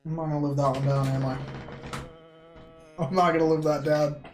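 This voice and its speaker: A woman's voice: low voice, level tone, moderate pace, a little mellow, soft background music. A woman streaming a courtroom game, reading the game text aloud and joking crudely with friends, swearing often.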